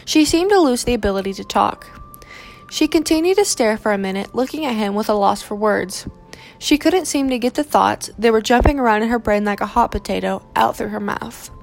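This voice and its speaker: Woman narrating with gravelly voice. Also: fairly high pitch, soft background music. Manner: steady, measured narration. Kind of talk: audiobook reading of a romance novel.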